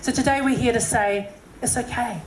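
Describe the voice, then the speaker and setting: A woman's voice: a little high, moderate pace, echoey room, a little hiss or hum, poor audio. A woman with a New Zealand accent, a singer telling a personal story to a live audience in a chatty, self-deprecating way, full of "you know" fillers. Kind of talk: personal story and encouragement talk.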